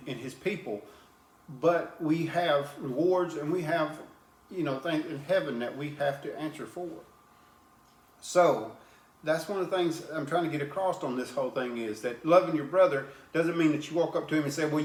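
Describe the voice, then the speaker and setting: A man gives an informal sermon in a plain, earnest way, often stumbling over and repeating his words. His voice sits a little high for a man. The sound carries a noticeable echo from the room. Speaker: preacher. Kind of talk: informal sermon with scripture reading.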